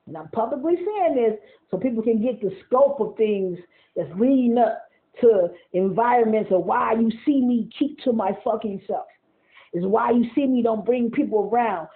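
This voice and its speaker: High-voiced man ranting over tinny audio. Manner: profane, rambling, repeats himself, laughs often. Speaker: vlogger. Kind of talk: casual monologue rant.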